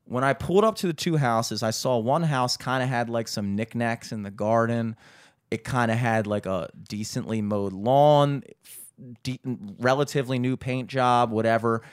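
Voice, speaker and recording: A man casually telling a long story, animated and profane, acting out the voices of the people in it. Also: mid-range voice, moderate pace, clear, resonant tone, dry recording, studio quality.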